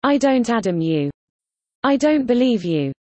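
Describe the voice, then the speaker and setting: A woman reading example sentences for a slang lesson with a lively, bouncy delivery. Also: on the high side, measured pace, no echo, dull audio. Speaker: teacher.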